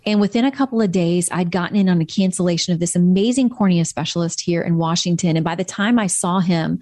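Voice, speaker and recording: A woman's voice: lowish voice, fast talker, dark tone, dry recording. A woman guest in a candid interview, talking earnestly and reflectively about her faith.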